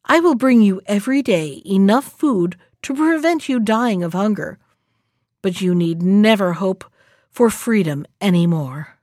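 A woman's voice: medium pitch, expressive, measured pace, a little mellow, dry recording, clean studio sound. A woman reading aloud and voicing a fierce, vengeful young witch maiden in a storybook. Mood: angry.

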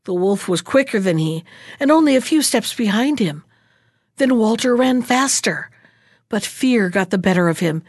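A woman reading a fairy tale aloud as the storyteller of the show, rising high and animated in tense moments. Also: normal speed, no echo, studio quality.

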